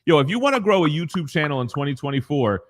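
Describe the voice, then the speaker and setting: A man in his forties with a high-ish, sing-song voice talks at a quick pace. He co-hosts a casual live collectibles morning show from his home basement, reading chat messages while using slang and swearing freely.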